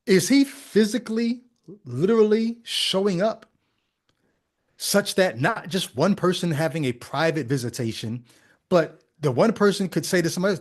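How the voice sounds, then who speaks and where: A man's voice: high voice, lively intonation, moderate pace. A man hosting a podcast, giving critical commentary on a video clip in a skeptical, conversational way full of rhetorical questions. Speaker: podcast host.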